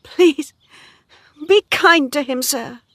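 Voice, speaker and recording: A woman's voice: sits high, slow pace, a bit bright, no echo, studio quality, pitched above the performer's own voice. A woman reader voicing a spirited young woman farmer in an earnest, pleading way. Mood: distressed. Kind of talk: dramatic story reading.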